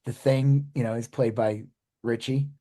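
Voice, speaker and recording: A man's voice: mid-range voice, fairly even intonation, a little slow, mellow. A man co-hosting a podcast, chatting loosely about a movie, swearing casually and trailing off mid-sentence. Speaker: podcast co-host.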